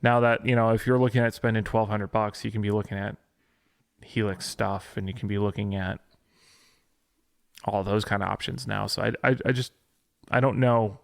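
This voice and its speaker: A podcast co-host with a fairly low, gravelly voice and a steady tone talks at normal speed with long pauses. He chats casually about gear news and sounds hesitant, with lots of fillers and restarts. The recording is dry and studio quality.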